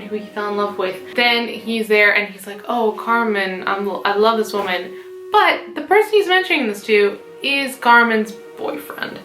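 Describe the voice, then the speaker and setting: A woman's voice: mid-range voice, pushed and bright. A young woman, a mezzo-soprano, giving a casual, chatty plot summary full of fillers and asides. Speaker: mezzo-soprano explaining an opera. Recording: roomy room with background music.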